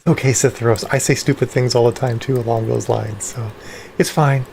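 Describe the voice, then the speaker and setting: A woman's voice: a bass voice, steady tone, moderate pace, creaky, a little mellow, a little hiss or hum. A woman hosting a casual live stream, chatting with her viewers, often stopping herself mid-sentence while she works on her voice. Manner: self-interrupting, reads chat aloud; practicing voice exercises. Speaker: livestream host.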